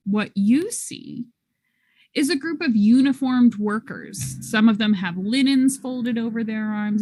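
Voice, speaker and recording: Slow, deliberate woman storyteller. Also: mid-range voice, a little hiss or hum. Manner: slow, deliberate scene-setting. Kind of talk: narrating a tabletop game.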